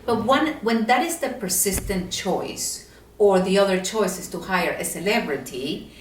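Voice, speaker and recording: A woman's voice: mid-range voice, animated, measured pace, slight background noise. A woman from Latin America with a Latin American Spanish accent, making an earnest, methodical case in an opinion vlog. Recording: roomy echo, mic at a distance.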